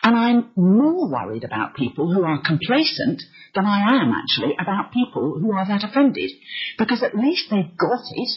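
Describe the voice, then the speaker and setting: A woman's voice: mid-range voice, very animated, normal speed, husky. A woman preacher telling a personal story in an earnest sermon style. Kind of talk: sermon testimony. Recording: slightly muffled recording.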